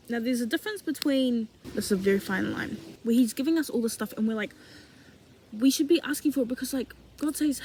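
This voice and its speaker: A young woman giving a casual faith talk as a vlogger, animated and slangy, acting out imagined dialogue. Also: fairly high pitch, a little fast, breathy edge, rough recording.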